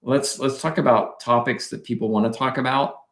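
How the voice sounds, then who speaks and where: A man co-hosts a talk show from an echoey room. He speaks hesitantly and often repeats his first word or two before going on. His voice sits at a plain middle pitch. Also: steady tone, fairly quick, a bit bright. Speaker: co-host. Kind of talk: casual talk show chat. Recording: roomy echo.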